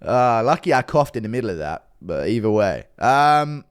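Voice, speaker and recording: A man's voice: medium pitch, big pitch swings, moderate pace, smooth. A man ranting casually as an online commentator, defensive and sarcastic, swearing often. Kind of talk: casual rant to camera.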